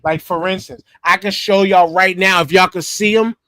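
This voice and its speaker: Emphatic high-voiced podcast host. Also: male voice, steady tone, moderate pace, sharp tone, dry recording. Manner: emphatic, repeats himself, curses freely. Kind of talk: casual chat.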